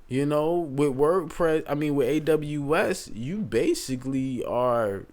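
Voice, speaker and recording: A man's voice: fairly high pitch, lively intonation, takes it slowly, a little mellow. A man hosting a casual tech tutorial, chatty and rambling, with features. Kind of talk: casual screen-share tutorial.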